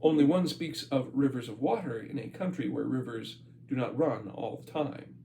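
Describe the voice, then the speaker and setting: An amateur reader gives an informal reading of a book aloud, breaking off for chatty asides and laughs. His medium-pitched voice is gravelly and warm at a moderate pace, and the poor audio carries a little hiss or hum.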